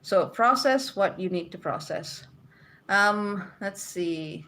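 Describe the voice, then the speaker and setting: A woman's voice: mid-range voice, animated, slow pace, fairly bright tone. A woman hosting a casual livestream from home, reading viewer comments aloud and chatting back with frequent laughs.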